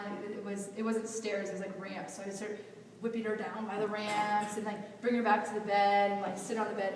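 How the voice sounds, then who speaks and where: A young adult woman giving a personal storytelling talk at a youth event, animated and acting out the dialogue she recounts. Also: medium pitch. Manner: animated, acts out quoted dialogue. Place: event hall. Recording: echoey hall from far off.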